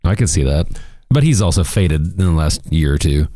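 A man's voice: rumbling low, expressive, a little fast, dark tone, dry recording. A man co-hosting a casual tennis talk show, laid-back, laughing along and answering with short agreeing replies. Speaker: tennis podcast co-host. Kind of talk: casual sports chat.

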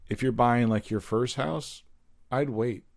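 A mid-range-voiced man speaking at a measured pace co-hosts a podcast. In casual conversation he shares opinions, thinking out loud with plenty of filler words.

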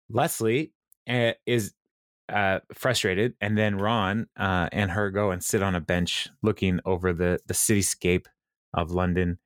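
Low-voiced man rambling through a recap. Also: no echo, studio quality. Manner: rambling retelling, quoting characters, many fillers. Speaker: podcast co-host. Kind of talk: casual episode recap.

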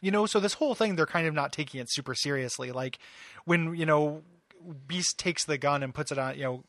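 A man's voice: fairly high pitch, fairly quick, fairly bright tone, no room sound. A man co-hosting a podcast, chatting loosely about a cartoon episode and laughing often. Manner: loose and laughing, lots of fillers and restarts. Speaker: podcast co-host. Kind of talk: casual chat recapping a cartoon episode.

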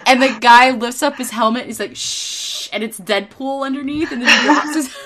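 Animated young woman, lively swearing storyteller. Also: high-pitched, moderate pace. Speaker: podcast host and convention artist. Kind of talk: casual chat.

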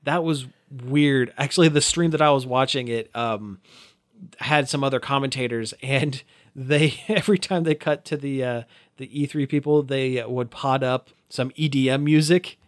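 A man's voice: mid-range voice, normal speed, no room sound, clean studio sound. A man co-hosting a casual podcast chat, rambling with lots of "like" fillers. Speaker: podcast co-host.

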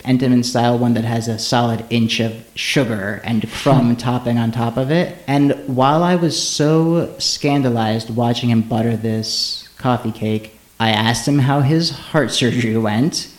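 Creaky-voiced man hosting a chatty podcast. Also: medium pitch, a little mellow. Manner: chatty, joking, mock-sponsor asides. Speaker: podcast host. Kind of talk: casual podcast chat. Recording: echoey room recording.

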